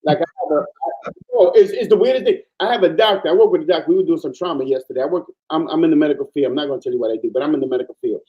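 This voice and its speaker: Animated Panamanian-born man, muffled audio. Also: on the high side, very fast. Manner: animated, emphatic storyteller. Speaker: guest. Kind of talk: casual chat.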